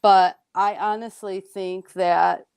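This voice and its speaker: A woman's voice: medium pitch, fairly even intonation, slow, gravelly, a little mellow, smooth, dry recording, clean studio sound. A woman guest on a casual sports podcast, talking earnestly and getting emotional about her favorite player. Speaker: guest commentator.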